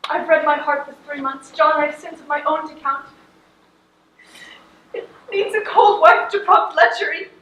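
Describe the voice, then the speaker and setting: A woman's voice: high voice, moderate pace, pauses often, a bit bright, slight background noise. A teenage actress on a school stage playing a plain, earnest farm wife who pleads with her husband. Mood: tender. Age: late teens. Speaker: student actor. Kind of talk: stage acting in a school play. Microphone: distant camera in the audience. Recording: echoey hall from far off.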